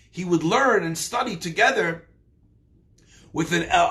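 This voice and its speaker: A man giving a sermon as a story, with lively storytelling that acts out the voices of the people in it. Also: fairly high pitch.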